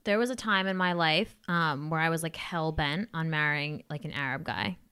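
A woman with a smooth, clear voice hosts loose comedy-podcast banter. She teases her guest in a chatty, playful way, full of fillers. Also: deep voice, moderate pace, bright, forceful tone. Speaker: podcast host.

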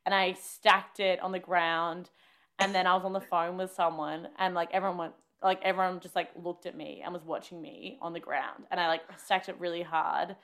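A woman co-hosting a podcast, telling animated stories in casual chat and swearing now and then. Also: lowish voice, moderate pace. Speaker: podcast co-host.

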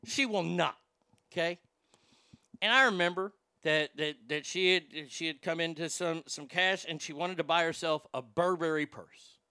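A man casually telling a story on a chat show, animated and profane, jumping from loud bursts to hushed asides. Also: fairly high pitch, moderate pace, smooth, no room sound.

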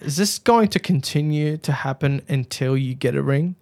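A man's voice: medium pitch, normal speed, a little mellow, dry recording, clean studio sound. A man hosting a casual podcast, rambling and joking with plenty of swearing. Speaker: podcast host.

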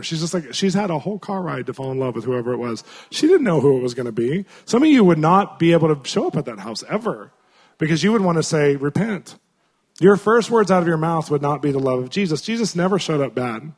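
Telling a story during his sermon, a male pastor preaches earnestly and conversationally, using many fillers and restarting often. He talks fast in a husky, darkish voice on the high side, with big pitch swings.

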